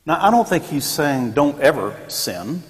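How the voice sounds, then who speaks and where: A man's voice: fairly high pitch, very animated, unhurried. Man teaching Sunday school. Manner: conversational, joking asides, acts out quotes. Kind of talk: church Sunday school lesson. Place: church classroom. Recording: long echoey church room.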